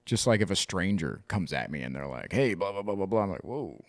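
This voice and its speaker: Animated low-voiced man in close dry chat. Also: fast, no echo. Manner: animated storytelling, mimics others, swears. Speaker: podcast co-host. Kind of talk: casual chat.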